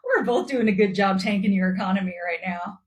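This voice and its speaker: A woman's voice: medium pitch, a little fast, natural voice. A woman voicing smug, dismissive countries in a comedy sketch, answering with dry mockery. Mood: mocking. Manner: dry, mocking, unbothered.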